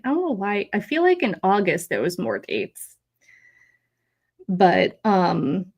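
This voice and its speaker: A woman in her thirties hosting a live stream, chatting in a rambling, emotional way with many fillers and replying to chat. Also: medium pitch. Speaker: host of a live theme park stream.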